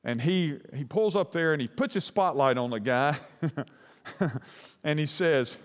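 A man's voice: fairly high pitch, normal speed, long reverb tail. A man preaching a sermon, telling a long anecdote in a folksy, rambling way. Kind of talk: sermon storytelling.

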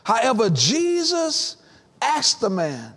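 A man preaches a sermon, his voice sitting unusually high. He stretches out key phrases and stacks repeated lines to build intensity. Long reverb from a church sanctuary trails every word. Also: wildly swooping pitch, a bit bright. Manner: preaching with dramatic pauses and rising repeated lines. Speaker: pastor.

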